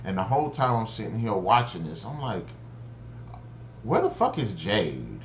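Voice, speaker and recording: Male reviewer, lower register, exasperated and profane, rambly delivery, light background noise. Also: huge pitch swings, moderate pace. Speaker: show reviewer. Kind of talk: casual spoken review.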